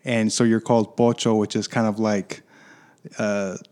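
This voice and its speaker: Male interview guest, lowish voice, thoughtful and explanatory, relaxed chat. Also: unhurried, clean tone. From United States.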